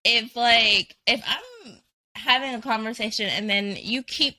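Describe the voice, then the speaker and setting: Woman, very bright voice, slightly high, giggly, swears a lot, podcast chat. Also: unhurried. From Canada. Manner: giggly, animated, swears freely. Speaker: guest.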